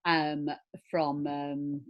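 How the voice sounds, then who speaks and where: A middle-aged actress in a conversational interview, telling animated anecdotes with frequent laughter. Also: female voice, deep voice, drawn-out words, highs cut off.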